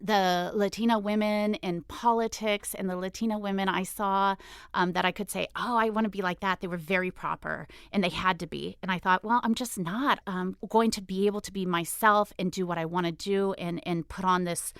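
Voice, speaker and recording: A middle-aged woman in a candid interview, talking loudly and emotionally as she tells lively stories from her work in politics. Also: mid-range voice, moderate pace, smooth, no echo, studio quality. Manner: loud, emotional, animated storytelling. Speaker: state assemblywoman, guest.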